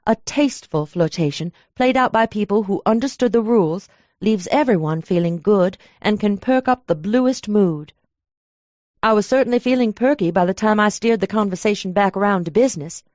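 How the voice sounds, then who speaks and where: A woman narrating a first-person audiobook in a lively, chatty storytelling manner. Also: mid-range voice, normal speed, dry recording. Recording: dull lo-fi dry recording.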